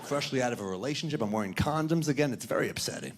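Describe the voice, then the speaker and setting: A man performing stand-up comedy on a club stage into a handheld mic, with a dry, deadpan delivery. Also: mid-range voice, racing, noisy background. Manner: deadpan, dry delivery, talking back to a heckler. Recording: live club recording, laughing crowd.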